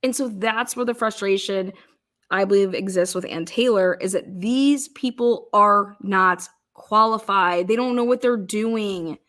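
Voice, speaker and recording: With a medium-pitched, fairly bright voice and a measured pace, a middle-aged commentator on a criminal case spins stories in a casual monologue. She's profane and exasperated, and she acts out the quoted voices.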